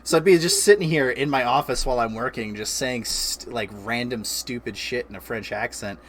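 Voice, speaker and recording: A man in his thirties hosts a relaxed chat and tells stories in an animated way, laughing often. His voice sits at an everyday middle pitch. A faint hiss lies under the recording. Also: normal speed. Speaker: streamer host. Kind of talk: casual chat.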